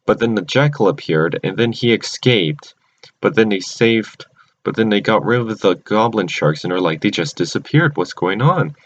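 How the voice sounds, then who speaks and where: A man's voice: fairly low pitch, moderate pace. Male home recapper, rambling with constant restarts; dull, lo-fi capture. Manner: rambling, many restarts and self-corrections. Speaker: cartoon episode recapper. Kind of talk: casual unscripted recap. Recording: dull lo-fi recording.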